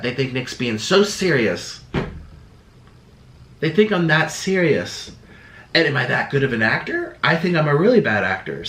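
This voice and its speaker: A man's voice: medium pitch, fairly bright tone. A young man YouTuber talking casually to camera, rambling and defensive, slipping into sarcastic quoted voices. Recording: echoey room.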